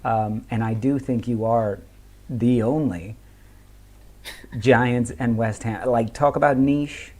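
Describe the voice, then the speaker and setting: A man guesting on a podcast, talking quietly in a hushed, low-key way, casual and laughing. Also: fairly even intonation, slow pace. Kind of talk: casual chat.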